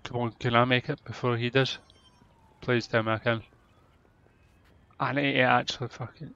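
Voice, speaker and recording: A man commentating his gameplay, loud and excitable, swearing often. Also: mid-range voice, normal speed, creaky, pauses often, dull audio. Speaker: gamer. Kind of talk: let's-play commentary.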